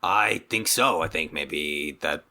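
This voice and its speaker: A woman's voice: a bass voice, slow, sharp tone. A woman playing in a tabletop role-playing game, speaking hesitantly with trailing restarts. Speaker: player.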